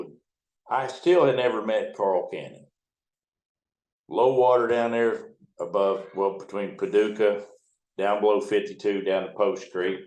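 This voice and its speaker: A man's voice: fairly low pitch, darkish tone. An older man, a river captain telling folksy, salty stories in a casual way. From United States. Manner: folksy, profane, acts out the other people's lines in quotes. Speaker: retired river towboat captain. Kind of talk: conversational storytelling. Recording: roomy echo.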